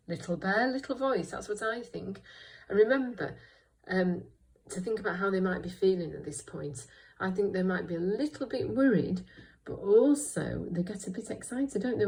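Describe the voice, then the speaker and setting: A woman teaching a reading lesson to young children, speaking slowly and clearly and asking them encouraging questions. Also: medium pitch, lively intonation, mellow, rough recording. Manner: slow, clear and encouraging, with many questions to the listener. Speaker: primary school teacher.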